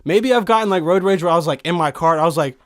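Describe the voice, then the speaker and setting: Excitable high-voiced young man. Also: rapid-fire. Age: 20s. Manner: excitable, profane, keeps saying dude. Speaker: podcast host. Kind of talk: casual podcast chat. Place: recording studio.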